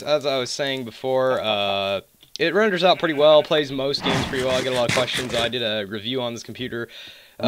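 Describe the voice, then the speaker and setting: A teenage boy with a fairly deep voice and a mild Southern accent mixed with Californian, rambling through casual gameplay commentary from his desk on a cheap microphone. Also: noisy background. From US, California and South Carolina. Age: mid-teens. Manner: rambling, digressive, joking asides. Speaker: gaming channel host. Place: at home at his computer desk. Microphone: cheap desktop microphone.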